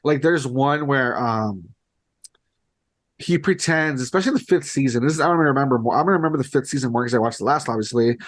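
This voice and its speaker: A man's voice: medium pitch, fast. A man co-hosting a podcast, retelling a show in a rambling, filler-heavy casual chat. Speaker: podcast co-host.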